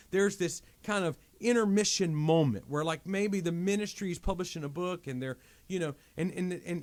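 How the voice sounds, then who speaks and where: A man, a pastor guest on a podcast, telling a personal story in an animated, emphatic way that repeats and restarts phrases. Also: sits high. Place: podcast studio.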